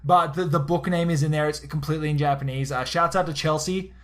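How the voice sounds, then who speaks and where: A man with an Australian accent co-hosting a casual podcast chat, talking quickly and excitedly with lots of restarts. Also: a little high. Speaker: podcast co-host.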